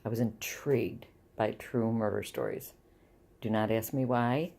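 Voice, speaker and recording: Chatty middle-aged woman, gravelly voice. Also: rumbling low, measured pace, warm tone. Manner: rambling, chatty, restarts often. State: dizzy and close to tears. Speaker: vlogger. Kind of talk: casual personal vlog.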